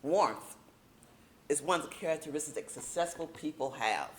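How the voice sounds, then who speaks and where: A woman teaching a speaking workshop in a casual, emphatic way, slowing down to stress key points. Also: low voice, expressive.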